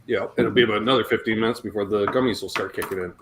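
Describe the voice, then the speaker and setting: A man's voice: fairly low pitch, steady tone, very fast, background noise. A man in his fifties hosting a livestream in casual chat, joking and reading out viewer comments. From Canada. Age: 50s. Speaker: livestream host.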